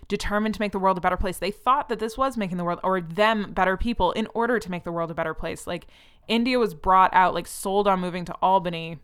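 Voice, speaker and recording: A young woman hosting a podcast, talking casually with many fillers and lively quoted asides. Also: fairly low pitch, smooth. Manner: chatty, frequent "like" fillers, animated quoting of people. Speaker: podcast host. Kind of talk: casual commentary monologue.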